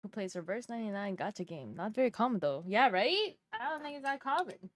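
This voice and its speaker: A woman from Canada talks casually to her stream viewers as she draws, tossing questions to her chat and laughing often. Her pitch swings widely and expressively. The sound is dry and close, with no room echo. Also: sing-song, brisk.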